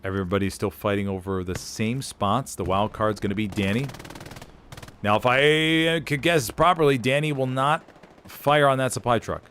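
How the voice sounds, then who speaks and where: A man giving energetic, jokey play-by-play commentary on a competitive war video game, drifting into rambling asides. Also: mid-range voice, moderate pace, a little hiss or hum. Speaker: esports caster.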